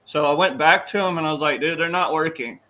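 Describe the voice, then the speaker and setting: A man hosting a podcast, telling a story in an animated way with big swings in loudness and laughter. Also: a little high, fast talker, poor audio. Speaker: podcast host. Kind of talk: casual interview chat.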